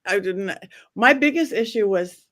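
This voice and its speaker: A woman hosts a casual group chat. She speaks haltingly, restarting sentences and leaning on fillers as she works out what she means. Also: medium pitch, animated, fairly bright tone. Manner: hesitant, full of restarts and fillers. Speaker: podcast host.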